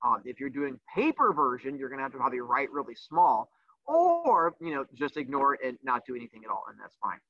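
A man's voice: medium pitch, big pitch swings, a little fast. A man teaching a livestreamed class, teasing his students in a sassy, playful way. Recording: dull lo-fi dry sound.

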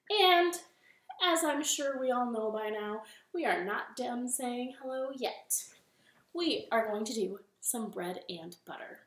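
A young woman in her living room leading a children's storytime, speaking in a gentle, encouraging way. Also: fairly high pitch. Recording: echoey home room with ukulele.

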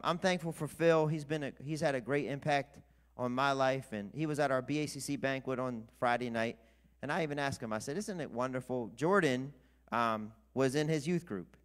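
A man's voice: medium pitch, smooth. A man serving as pastor, introducing a guest speaker and praying, earnest and grateful. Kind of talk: introduction and prayer. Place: church.

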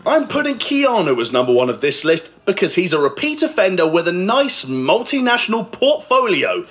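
A man's voice: high voice, big pitch swings, moderate pace, a bit bright, soft background music. A man reading a scripted movie list countdown in a sarcastic, mocking way. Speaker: list video narrator. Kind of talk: scripted narration.

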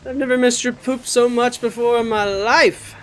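A channel host giving casual gameplay commentary, excitable and jokey, swearing and talking to the game's creatures. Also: mid-range voice, moderate pace.

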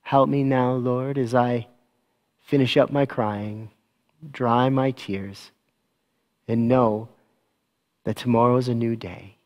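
A man serving as pastor, giving church announcements and a gentle, slow children's talk with a prayer. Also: mid-range voice, steady tone, lo-fi sound.

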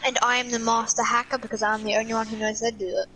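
A woman's voice: fairly high pitch, flat delivery, racing, sharp tone, rough recording. A young woman, bantering playfully with a friend while gaming. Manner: playful, teasing. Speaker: gamer. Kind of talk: casual gaming chat.

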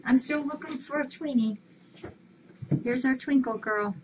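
A woman's voice: sits high, a little slow. Woman, cat rescue volunteer, casual stream chat, affectionate cooing, dull lo-fi sound, faint hiss. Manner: coos affectionately at cats.

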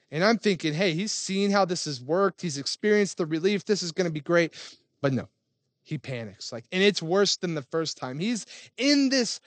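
A man's voice: high voice, no room sound. A man in his thirties, a pastor telling a family story in a conversational sermon. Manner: conversational storytelling with fillers and restarts.

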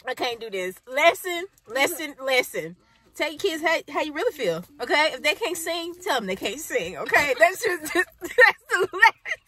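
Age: 30s. Sex: woman. Role: vlogger mom. Style: casual, animated storytelling with lots of laughter and a lively, swooping pitch. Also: normal speed.

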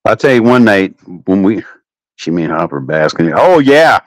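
At a moderate pace and with no echo on the recording, this livestream host chats casually from home. He tells crude, profane stories, his pitch swinging lively up and down.

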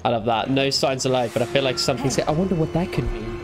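Over music, a young gamer with a mid-range voice talks fast through playful let's play commentary. Jokey and teasing, he talks back to the game's characters.

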